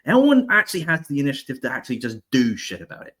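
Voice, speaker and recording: A man's voice: mid-range voice, big pitch swings, racing, fairly bright tone. A man, a wrestling podcast host talking bluntly and profanely, frustrated with the industry.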